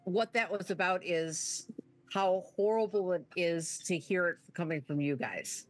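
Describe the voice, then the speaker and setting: A middle-aged woman in a relaxed group chat, talking with hesitant restarts while she hunts for the right word. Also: on the low side, unhurried. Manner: searching for words, hesitant.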